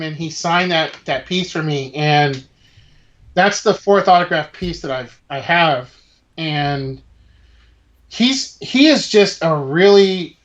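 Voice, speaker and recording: A man's voice: on the high side, a bit bright, highs cut off. A man co-hosting a casual talk show, speaking with many restarts and enthusiasm. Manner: halting, many restarts, enthusiastic about collectibles. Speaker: podcast co-host. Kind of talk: casual chat.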